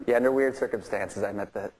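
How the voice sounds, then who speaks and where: A man's voice: fairly low pitch, fast, background noise. A male musician telling a rambling anecdote, laughing as he goes. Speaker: musician guest. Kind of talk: casual anecdote.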